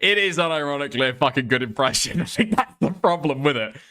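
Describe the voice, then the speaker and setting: A man's voice: fairly high pitch, animated, fast, bright, forceful tone. A man hosting a commentary stream, rambling and swearing with laughing asides. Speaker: streamer host.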